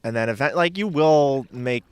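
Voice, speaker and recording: A man's voice: medium pitch, animated, moderate pace, clear, resonant tone, dry recording. A man chatting casually as a podcast guest, rambling and hesitant with lots of filler words.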